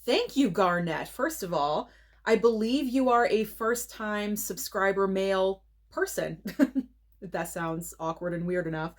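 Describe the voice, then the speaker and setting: A woman hosting a movie channel, chatting casually through an unboxing vlog, gushing and excitable, with gasps of delight. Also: medium pitch, measured pace.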